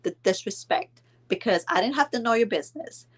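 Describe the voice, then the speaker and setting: A woman's voice: fairly high pitch, expressive, brisk, slightly rough. A middle-aged woman telling a story to camera, retelling a family feud with indignant quoted dialogue and mild cursing. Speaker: storyteller vlogger. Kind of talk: casual storytime vlog.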